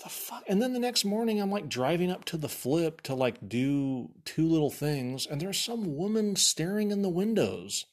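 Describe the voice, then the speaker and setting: A man with a higher-pitched voice talks at a normal pace with hardly any pauses. He casually tells a rambling story, swearing freely and leaning heavily on "like." His retelling is animated and exasperated.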